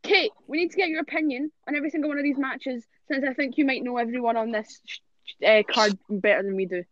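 A woman co-hosting a casual wrestling podcast, telling excitable stories. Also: sits high, fast, dry recording. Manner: excitable, animated storytelling. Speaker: podcast co-host. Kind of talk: casual chat. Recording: dull lo-fi call audio.

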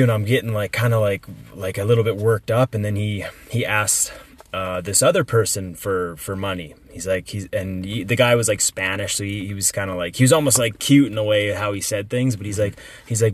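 A young man talking in a casual podcast chat, his voice sitting a little low. He speaks with emphasis, swears freely and fills his talk with fillers and restarts. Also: fairly quick. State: recovering from illness.

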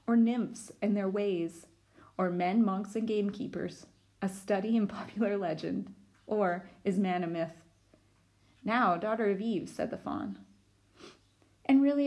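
A woman's voice: medium pitch, dark tone. A woman teacher reading a storybook aloud to children, with chatty asides to her listeners.

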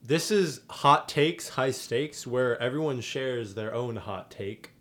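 Young man, unhurried delivery, deadpan and jokey, laughs a lot, casual chat. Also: medium pitch. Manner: joking, deadpan insistence, laughs often. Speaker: podcast co-host.

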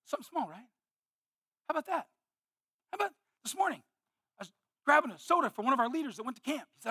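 A man preaching a sermon, moving between earnest teaching and animated, exclamatory storytelling with sudden loud bursts. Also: very high voice, quick pace, long pauses, dry recording, studio quality. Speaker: pastor.

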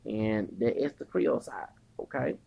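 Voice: mid-range voice, lively intonation, normal speed, creaky, dark tone, slightly rough, dull audio. A podcast host, ranting heatedly, cursing often, stumbling over restarts and tossing in "okay?" again and again. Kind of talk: heated profane rant.

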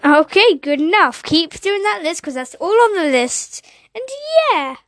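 A woman's voice: sits high, expressive, a little slow, a bit bright, no echo. A woman hosting a casual chat, offhand and giggly, often trailing off. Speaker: host.

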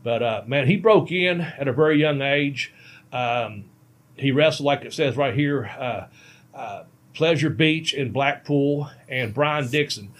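Brief: ex-wrestler, mid-range voice, loose and folksy, telling road stories. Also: male voice, mid-range voice, measured pace. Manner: rambling, folksy, laughs at himself. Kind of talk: casual storytelling on a podcast.

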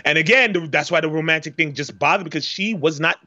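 A man's voice: fairly high pitch, fast talker, bright, forceful tone, muffled recording. A man co-hosting a casual movie podcast, rambling with lots of fillers and swearing as he acts out scenes. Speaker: podcast co-host. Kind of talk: casual movie review chat.

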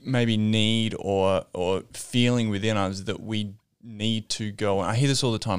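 A man's voice: fairly low pitch, steady tone, unhurried, few pauses, smooth. A man co-hosting a podcast, reflecting on faith in casual discussion with frequent fillers. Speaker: podcast co-host.

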